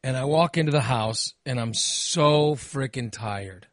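A man hosting a podcast, exhausted and telling a casual story in an animated way, swearing and acting out what he said. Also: medium pitch, measured pace, no echo. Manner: animated, swears, acts out his own quotes. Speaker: podcast host.

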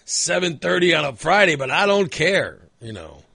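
Lively, high-voiced rambling man. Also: moderate pace, vocal fry, slightly rough, dry recording, clean studio sound. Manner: rambling, filler-heavy storytelling with frequent restarts. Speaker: storyteller in a conversation. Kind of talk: casual chat. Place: indoors at a computer.

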